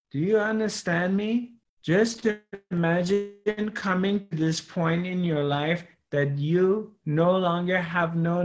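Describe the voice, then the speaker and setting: A middle-aged man gives an earnest spiritual talk, taking his time and circling back over the same phrases. His voice sits a little high for a man, and he never rushes. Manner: slow, earnest, repetitive. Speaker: spiritual teacher.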